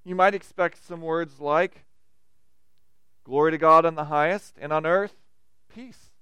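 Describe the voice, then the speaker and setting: A man's voice: a little high, steady tone, unhurried, bright, forceful tone, clean tone, no echo. A man, a pastor, delivering a sermon with rising and falling emphasis.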